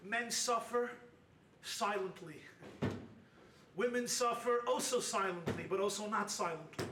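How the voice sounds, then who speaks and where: A man giving a sermon as a rabbi at a weekend retreat, animated and humorous, driving his points home with shouted emphasis. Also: sits high, measured pace. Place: hall at a retreat. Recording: roomy hall from a distant mic with faint noise.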